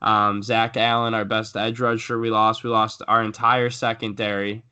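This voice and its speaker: A man's voice: on the low side, flat delivery, normal speed, sharp tone, smooth. Rambling young man talking football. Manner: rambling, frequent fillers and restarts. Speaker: podcast co-host. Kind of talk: casual sports chat.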